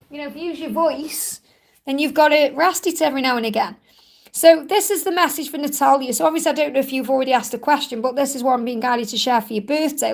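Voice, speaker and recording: A woman giving reassuring tarot readings on a live stream, her voice croaky from overuse. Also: high-pitched. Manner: reassuring, repetitive, reads viewer questions aloud. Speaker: tarot reader hosting a live Q&A.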